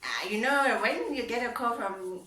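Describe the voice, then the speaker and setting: A woman's voice: on the high side, expressive, normal speed, pushed and bright, slight background noise. A young woman vlogger telling a personal story in a heartfelt way, repeating phrases and laughing often. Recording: roomy sound, mic at a distance.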